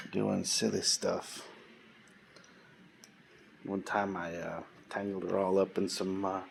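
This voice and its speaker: A man vlogging, telling a story in a casual, rambling way with many pauses and fillers and folksy, informal speech. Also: deep voice, gravelly, pushed and bright, a little hiss or hum.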